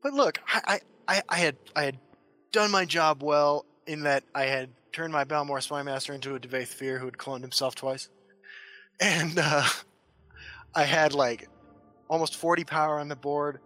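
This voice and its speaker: A man's voice: fairly high pitch, steady tone, moderate pace, pushed and bright. Stammering, jokey man telling a story. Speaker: podcast co-host. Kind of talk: casual chat.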